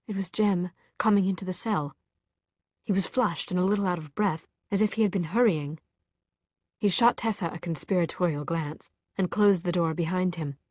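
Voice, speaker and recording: A woman narrating a novel in a measured, expressive storytelling voice. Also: on the low side, no room sound. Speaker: audiobook narrator. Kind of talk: scripted narration.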